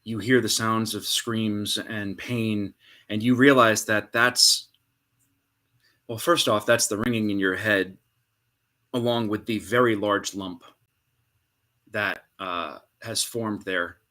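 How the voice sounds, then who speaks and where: A man narrating a tabletop game as game master, with dramatic storytelling and hushed pauses. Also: lowish voice, fairly even intonation.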